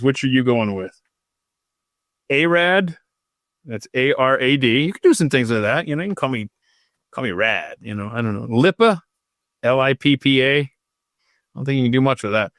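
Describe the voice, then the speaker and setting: A man's voice: mid-range voice, a bit bright, no echo, studio quality. A man hosting a podcast in an unscripted, casual way, drifting off topic into self-mocking asides while reading out history. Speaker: podcast host.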